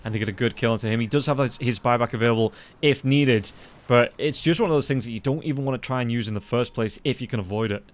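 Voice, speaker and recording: Fast-talking male esports caster. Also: mid-range voice, slight background noise. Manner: rapid, rising excitement during fights. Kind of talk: play-by-play commentary.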